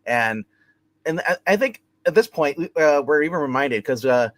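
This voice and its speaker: A man's voice: fairly high pitch, lively intonation, normal speed, fairly bright tone, dry recording. Rambling man recapping a TV episode. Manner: rambling recap, heavy with fillers like "you know" and "like". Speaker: co-host of a TV review show.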